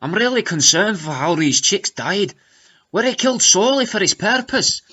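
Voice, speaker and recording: A man putting on a shrill, scandalised Scottish woman. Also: sing-song, normal speed, sharp tone, breathy edge, exaggerated voice. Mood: outraged. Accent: put-on Scottish. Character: indignant female online commenter, put-on Scottish accent.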